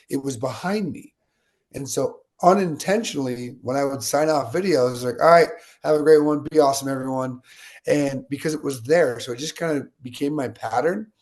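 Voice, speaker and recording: A man from the United States, a guest in an interview, telling stories with energy and acting out the lines of people in them. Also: medium pitch. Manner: energetic, animated storyteller acting out quotes. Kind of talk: interview storytelling.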